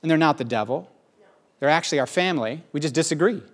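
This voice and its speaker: This middle-aged pastor preaches quickly and with animation, his voice pitched fairly high for a man. He keeps dropping in playful, jokey asides.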